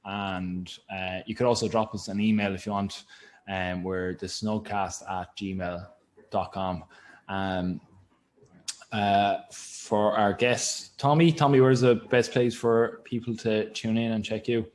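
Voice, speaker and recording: Low-voiced man signing off a podcast. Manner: relaxed, halting with ums. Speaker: podcast host. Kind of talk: casual podcast sign-off.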